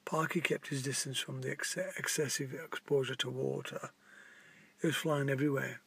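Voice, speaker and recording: A man reading a children's story aloud in a plain, halting way with small restarts. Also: medium pitch, fairly even intonation, creaky, slightly rough, dry recording.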